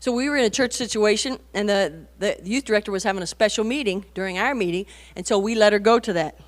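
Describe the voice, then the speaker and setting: Woman, 40s, conversational sermon speaker; animated anecdotes, rhetorical asides, emphatic peaks. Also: medium pitch, fast talker. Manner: animated storytelling, rising to emphatic bursts. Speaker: women's conference speaker. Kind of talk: conversational sermon to mothers and teens.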